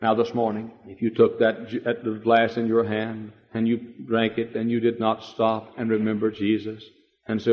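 A man preaching a sermon, swinging from hushed tones to loud, climbing shouts and often repeating words as he goes. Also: on the low side, completely flat delivery, normal speed. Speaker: pastor. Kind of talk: fiery sermon. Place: church sanctuary. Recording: dull old recording in a reverberant hall.

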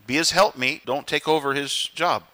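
Emphatic bright-voiced male pastor preaching. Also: fairly high pitch, moderate pace. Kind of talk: sermon.

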